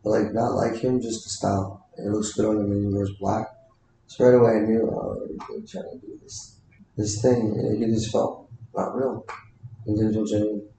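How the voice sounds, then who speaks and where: Low gravelly dude rambling on and on, dark voice, super echoey room. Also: male voice, fairly even intonation, moderate pace, slight background noise. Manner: rambling, filler-heavy, restarts. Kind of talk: casual conversation.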